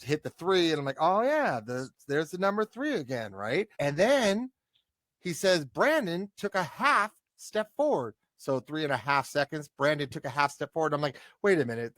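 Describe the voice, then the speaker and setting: A man's voice: fairly high pitch, dry recording, clean studio sound. A man co-hosting a podcast, playfully breaking down details of a book chapter and acting out its quotes. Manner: playful, animated, acts out quotes. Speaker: podcast co-host. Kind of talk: casual book discussion.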